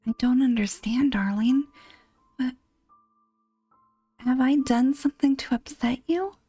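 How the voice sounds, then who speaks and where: A woman's voice: sits high, unhurried, warm tone, slightly rough, no room sound, faint music behind, voice pushed up, heavily acted. A woman voicing a bewildered, wounded husband who pleads with his wife, in whispered role-play. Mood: pleading. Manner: pleading, rising anxious whisper.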